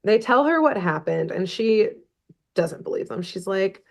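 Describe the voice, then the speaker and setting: A woman's voice: mid-range voice, expressive, measured pace, gravelly. A woman podcast host casually retelling a cartoon episode, laughing often and swearing offhandedly. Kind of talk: casual chat.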